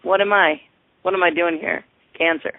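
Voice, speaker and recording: An older man with grandchildren, chatting eagerly and warmly as a guest on a call-in radio show. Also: high voice, fairly even intonation, normal speed, no room sound. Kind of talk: casual call-in radio chat. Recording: tinny phone-like online call audio.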